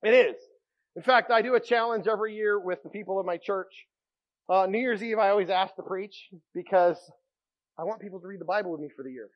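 Male pastor, high voice, animated sermon storytelling, muffled recording. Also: fairly quick. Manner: animated storytelling, wide swings from loud to hushed.

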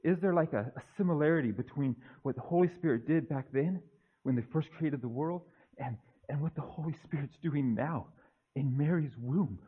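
A man preaching, acting out young Joseph as an excited young man who stammers and gushes into a phone call to his dad. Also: on the high side, normal speed, slightly rough. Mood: eager. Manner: breathless, stammering, gushing. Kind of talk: dramatized monologue in a sermon.

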